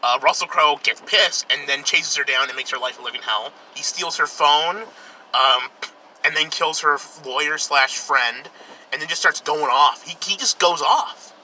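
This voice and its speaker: Young guy ranting about a movie while driving, swears a lot, bright voice, faint traffic hum. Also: on the high side, moderate pace, low-quality recording. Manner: profane, rambling, sarcastic. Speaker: film reviewer. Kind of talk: casual film review while driving. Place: in a car, outdoors traffic.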